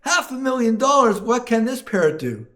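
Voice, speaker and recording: A man's voice: extremely high pitch, very animated, moderate pace, bright, forceful tone, voice pushed up, exaggerated voice. A man voicing an astonished customer in a pet store who cries out in disbelief at each price. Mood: incredulous. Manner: incredulous, raised exclamations.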